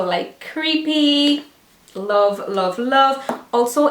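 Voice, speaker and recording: A young woman talks to her viewers in a chatty, gushing way, full of enthusiasm. Her voice sits at an ordinary middle pitch. The recording carries a noticeable room echo. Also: fairly bright tone. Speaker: beauty vlogger. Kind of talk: casual chat. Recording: echoey room.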